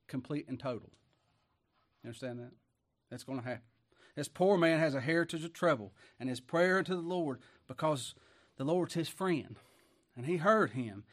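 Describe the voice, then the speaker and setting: In a mid-range voice, a man gives a homespun, folksy sermon. He chuckles often and alternates between hushed asides and loud declaiming, always in plain speech.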